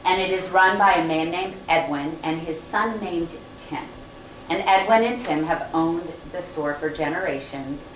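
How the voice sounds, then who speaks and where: A woman author with a Southern American accent, telling lively stories to a live audience and often laughing. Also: low voice, a little hiss or hum. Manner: animated, laughing storyteller. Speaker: guest author. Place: event room with audience. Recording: roomy, distant mic with faint ambience.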